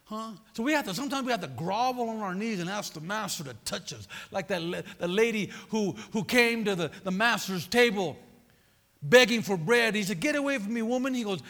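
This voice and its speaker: A man preaching a sermon, repeating his phrases with emphasis and prodding the congregation with quick questions. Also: high-pitched, animated, vocal fry, fairly bright tone. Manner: repetitive, emphatic, prods the audience with "huh?". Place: church sanctuary. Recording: long hall reverb.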